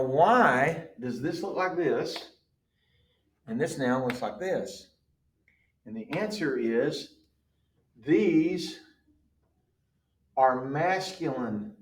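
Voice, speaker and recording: A man's voice: mid-range voice, roomy sound. A man teaching a class, explaining patiently and checking in with the students. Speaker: Greek teacher. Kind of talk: classroom lecture.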